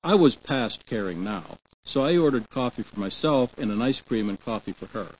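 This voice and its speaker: A man reading a story aloud in a measured, deliberate way. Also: mid-range voice, expressive, darkish tone, slight background noise. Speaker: narrator and vocabulary reader. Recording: dull lo-fi recording.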